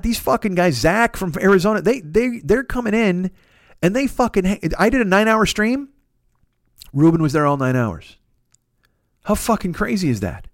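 A man talks fast on his solo podcast, tumbling from thought to thought and swearing freely. His voice sits a little high. The recording is dry and close, with no room sound. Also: no echo. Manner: rambling, profane, excitable, frequent restarts. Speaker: podcast host. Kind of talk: casual solo podcast monologue.

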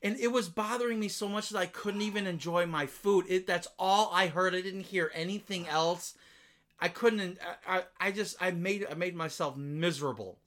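A man rants through a casual podcast chat, animated and quick to swear. His voice sits high and sounds bright and forceful. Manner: animated, ranting, swears freely. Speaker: podcast co-host.

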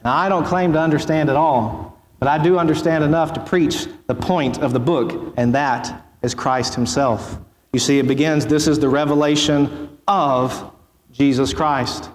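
A man preaching as pastor, reading scripture in a solemn, measured way before his sermon. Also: fairly high pitch. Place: church sanctuary. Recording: echoey church hall.

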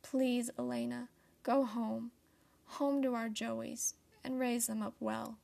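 A young woman voicing a gentle pleading possum father. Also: on the high side, level tone, slow, gravelly, full character voice. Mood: tender pleading. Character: loving devoted male possum father, trapped.

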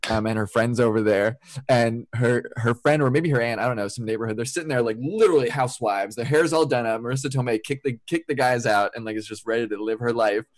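A man's voice: medium pitch, fast talker, few pauses, no room sound. A man in a casual podcast chat, retelling movie scenes with animation and quoting lines. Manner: animated storytelling, quotes lines in character.

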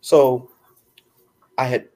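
A man's voice: very slow, mellow. A middle-aged man, a podcast guest, telling a long personal story in casual chat, laughing often and acting out what people said.

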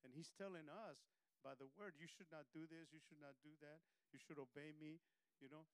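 A man's voice: on the high side, fairly even intonation, moderate pace, smooth, no room sound, low-quality recording. A pastor preaching a church sermon, exhorting his congregation and repeatedly asking if they are listening, with a conversational manner full of "you know.". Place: church service.

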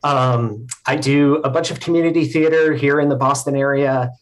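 A man speaking as a podcast guest, telling stories in a thoughtful, explanatory way with frequent filler pauses. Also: mid-range voice, fairly even intonation. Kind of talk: casual conversational storytelling.

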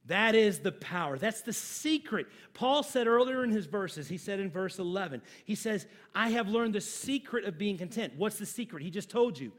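A pastor preaching a sermon, moving from loud emphatic lines to low hushed phrases, chatting with and joking with his congregation. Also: animated, moderate pace. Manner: conversational, asks the congregation questions and jokes with them.

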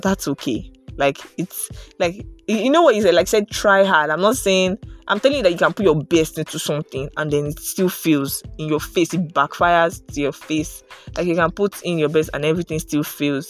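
A young woman giving an earnest, casual motivational talk. She fills her speech with "like" and "right?". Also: deep voice. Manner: earnest, animated, many fillers like "like" and "right?". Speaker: motivational podcaster.

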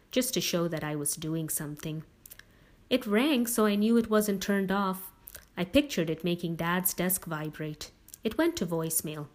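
A woman narrates an audiobook in the first person. She reads steadily and evenly, at a measured pace. Her voice sits a touch low for a woman.

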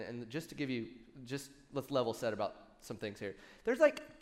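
Animated male preacher in a reverberant hall. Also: medium pitch. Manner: animated storytelling with audience asides. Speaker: worship pastor. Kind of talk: sermon.

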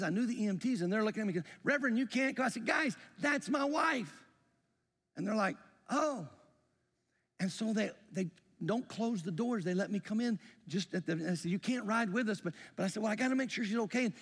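A man's voice: high-pitched, long reverb tail. A man, a pastor, telling a story in a sermon, earnest, often stopping and repeating words.

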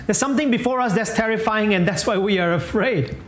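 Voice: medium pitch, a little fast, slight background noise. A preacher giving a sermon, emphatic, repeating key phrases and chuckling now and then. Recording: echoey room.

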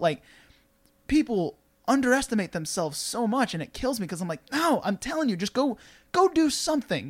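A man's voice: a little high, no echo. Enthusiastic motivational man, casual chat.

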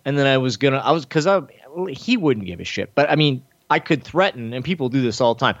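Man, casual profane storyteller, mid-pitched voice, dry close sound, slightly muffled. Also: no echo. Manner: profane, animated storytelling, acting out others' lines with big pitch jumps. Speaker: podcast host telling a story. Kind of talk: casual chat.

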